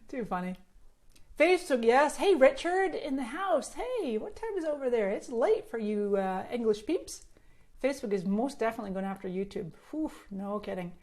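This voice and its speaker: A woman's voice: sits high, lively intonation, normal speed. Bubbly Scottish-Canadian woman live-streaming. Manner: bubbly, chatty, answers viewer comments. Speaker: social media marketing host. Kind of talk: casual live stream chat. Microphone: phone on a selfie stick.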